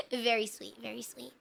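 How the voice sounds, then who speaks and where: A woman streamer with a fairly high, gravelly, husky voice chats casually with her viewers. She rambles, leans heavily on filler words, and puts herself down, sounding audibly frustrated.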